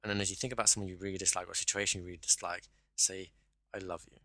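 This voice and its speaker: Male voice coach on a call: lowish, bright and dry, instructive, keeps checking the listener follows. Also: level tone, very fast, no room sound.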